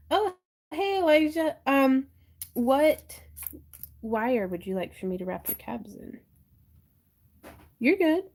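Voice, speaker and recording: Woman host, high and unhurried, casual giggly livestream chatter from home. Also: expressive, a little mellow. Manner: giggly, chatty, reads viewer comments aloud.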